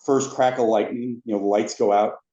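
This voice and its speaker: A man telling anecdotes as a podcast guest, a lively storyteller who acts out the other people in his stories. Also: medium pitch, a little fast. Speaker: podcast guest, former theme park ride attendant. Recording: roomy, dull lo-fi sound.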